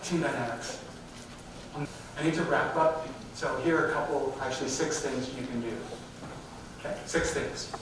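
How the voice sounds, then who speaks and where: A man's voice: medium pitch, normal speed, pauses often, background noise. Man talking in a very echoey hall. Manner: direct, addresses the audience with questions. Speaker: diversity speaker. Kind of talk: live talk to a company audience. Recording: very echoey hall, mic far off.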